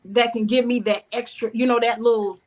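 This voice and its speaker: A woman's voice: fairly high pitch, steady tone, fairly quick. A woman with a Southern American accent, a screenwriter and singer talking loosely about her work as an interview guest, in restarts and asides. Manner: loose, rambling, talks in restarts and "you know". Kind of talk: casual interview.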